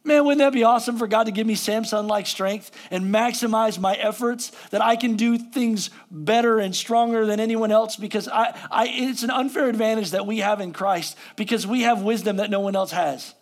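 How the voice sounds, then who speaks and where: Man, pastor, high voice, conversational sermon, self-deprecating, emphatic scripture reading. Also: fairly even intonation, moderate pace, hardly any pauses.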